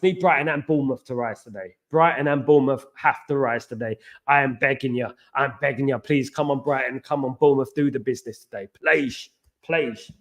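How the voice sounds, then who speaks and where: Animated English man, slightly high voice. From England. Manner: animated, repetitive, banter-heavy with slang shout-outs. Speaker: live stream host. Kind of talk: casual live-stream chat reading viewer comments.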